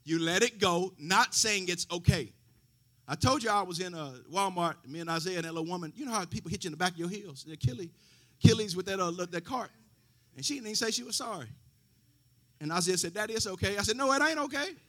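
A middle-aged man preaching a sermon, swinging from loud to hushed, with folksy conversational asides. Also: high voice, quick pace. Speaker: pastor.

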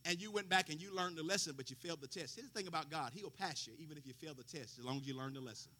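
A man's voice: a little high, very fast, pushed and bright. A man preaching a sermon, quoting scripture with folksy asides and rising fervor. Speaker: pastor.

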